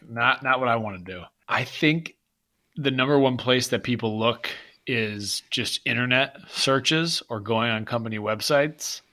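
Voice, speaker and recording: A man's voice: fairly low pitch, vocal fry, bright, forceful tone. A man hosting a podcast, chatting casually and with a self-deprecating streak. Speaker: podcast host. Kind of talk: casual conversation.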